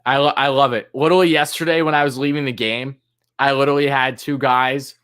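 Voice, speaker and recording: A man hosting a live fan stream, calling pitches play-by-play and griping and swearing about the umpires in an exasperated voice that jumps high on big moments. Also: fairly even intonation, fairly quick, a bit bright, clean tone. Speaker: fan commentator and stream host.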